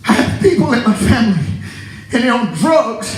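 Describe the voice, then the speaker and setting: A male pastor preaching a sermon to his congregation, animated and laughing often as he talks. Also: very high-pitched, moderate pace, echoey room, a little hiss or hum, low-quality recording. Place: church sanctuary.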